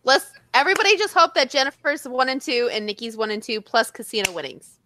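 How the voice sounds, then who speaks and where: A woman co-hosting a podcast in casual chat, playful and laughing often, mimicking others in high voices. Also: big pitch swings, quick pace, sharp tone. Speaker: podcast co-host.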